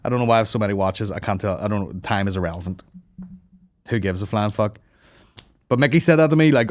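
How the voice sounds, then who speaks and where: A man in his thirties rants through a comedy podcast, swearing freely and jumping into loud mocking impressions. His voice sits in an ordinary middle pitch. The sound is close and dry, with no room around it. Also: brisk, pauses often, no echo. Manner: swears constantly, mocks people in loud put-on voices. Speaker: podcast host. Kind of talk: profane comedic rant.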